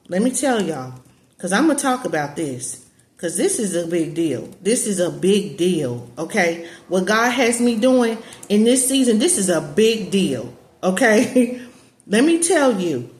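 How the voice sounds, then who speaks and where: Woman, casual emphatic preaching, mid pitch, roomy echo. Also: very animated, measured pace, darkish tone. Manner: emphatic, repetitive, addresses viewers as y'all. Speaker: spiritual teacher and online community leader.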